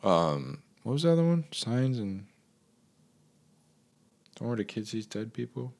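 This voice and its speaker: A man doing a rambling comic rant, his pitch jumping up high for emphasis. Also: sing-song, measured pace, gravelly, a little mellow.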